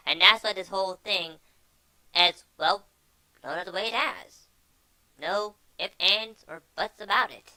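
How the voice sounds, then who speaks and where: A woman's voice: mid-range voice, a little slow, long pauses, pushed and bright, no room sound, poor audio. A woman hosting a news show, reading articles aloud with sarcastic asides and frequent stumbles and repeated words.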